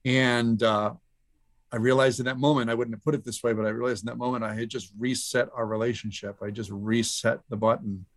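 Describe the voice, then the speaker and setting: A middle-aged man appears as a podcast guest, earnestly and reflectively telling a personal story with halting restarts. His voice is medium-pitched and his delivery flat.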